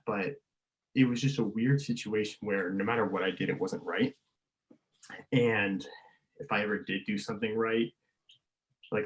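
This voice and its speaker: A young man with a fairly low voice tells a story on a casual podcast. He laughs often and gets loud when he acts out what other people said. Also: poor audio. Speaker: podcast guest.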